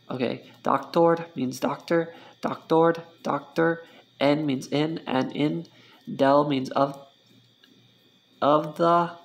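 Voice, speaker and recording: A man's voice: fairly high pitch, vocal fry. A man teaching an informal Spanish lesson, repeating words for practice and often stopping to correct himself. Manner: slow, self-correcting, repeats words for drill. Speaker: Spanish tutor.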